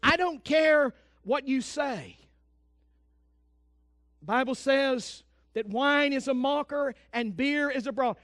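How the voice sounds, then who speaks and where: Fervently preaching, a male pastor whose voice sits strikingly high moves between loud proclamations and quiet, intense asides. The audio is entirely dry, without any echo or room sound.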